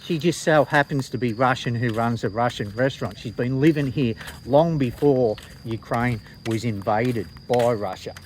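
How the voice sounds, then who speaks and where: A man's voice: mid-range voice, normal speed, hardly any pauses, a little hiss or hum, low-quality recording. Blunt Australian man chatting casually. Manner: blunt, slangy, swears freely. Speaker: vlogger. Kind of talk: casual vlog chat.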